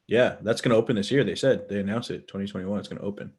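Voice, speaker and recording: A man's voice: on the low side, rapid-fire, darkish tone. A young man co-hosting a podcast, chatting casually with joking, profane banter. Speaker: podcast co-host. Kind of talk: casual chat.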